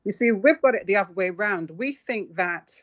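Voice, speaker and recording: A woman's voice: medium pitch, animated, brisk. A woman author, recounting a personal story to an interviewer in an earnest, reflective way. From London. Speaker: author guest. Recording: muffled lo-fi audio.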